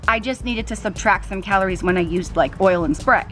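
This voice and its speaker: A woman's voice: medium pitch, a little fast, over music. A woman vlogger talking casually to the camera outdoors in a backyard, explaining her diet mistakes step by step. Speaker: weight loss vlogger.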